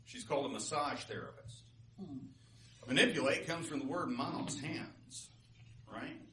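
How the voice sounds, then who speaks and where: A man's voice: mid-range voice, measured pace, bright, forceful tone. A man telling stories to a live class in a casual, chatty way, often checking in with his listeners. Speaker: storytelling teacher. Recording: roomy live class, distant mic, faint noise.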